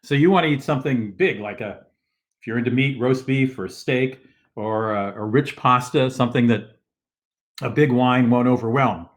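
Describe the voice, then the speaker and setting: A man's voice: medium pitch, moderate pace. Rambling older male show host. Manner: rambling, many fillers and restarts. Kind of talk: casual live-stream talk. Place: living room at home. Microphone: video call setup.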